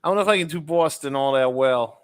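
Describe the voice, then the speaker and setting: A man's voice: a little high, fast, clear, resonant tone. A man co-hosting a podcast in casual chat, explaining things at length and often repeating himself. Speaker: podcast co-host.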